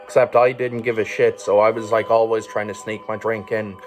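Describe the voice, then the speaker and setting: Irish male vlogger, casual rambling storyteller, low and monotone, sweary. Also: fairly quick, soft background music. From Ireland. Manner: rambling, sweary, with frequent fillers and chuckles.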